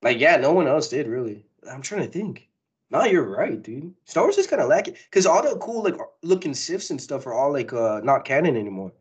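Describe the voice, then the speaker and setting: A man co-hosting a casual pop-culture podcast, talking excitedly and rambling with frequent laughs. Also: a little high, fairly quick, husky, rough recording. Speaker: podcast co-host. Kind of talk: casual chat.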